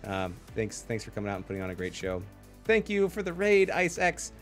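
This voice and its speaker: A man's voice: fairly low pitch, big pitch swings, a little fast, soft background music. A man casting an esports match live, chatty, laughing often and thanking his chat. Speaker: esports caster. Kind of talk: casual live stream commentary.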